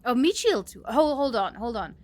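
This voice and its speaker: A woman's voice: on the high side, big pitch swings, normal speed, a little mellow, dry recording, soft background music. A woman live streamer chatting casually with her viewers while gaming, giggly and chatty as she thanks them and reacts to chat.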